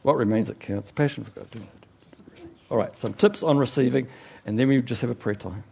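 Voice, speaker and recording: A man preaching a sermon in an animated way, swinging from loud outbursts to quiet asides, chatty and joking at his own expense. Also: medium pitch, a little fast, creaky, slightly rough. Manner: chatty, self-mocking and joking.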